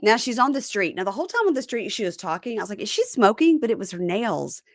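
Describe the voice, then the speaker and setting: A woman hosting a chat podcast who talks with a lively, swooping pitch and acts out quotes in put-on voices. Her voice sits in a middle register. The sound is dry and close, with no room around it. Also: fast, no room sound. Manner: animated, acts out quotes with big pitch swings. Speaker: podcast host. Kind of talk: casual chat recapping reality TV.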